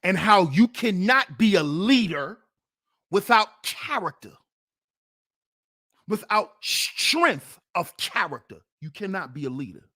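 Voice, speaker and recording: A man hosting a livestream, preaching in fired-up commentary with rhetorical questions, swinging between loud challenges and sarcastic muttering. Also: high-pitched, big pitch swings, slow. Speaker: livestream host.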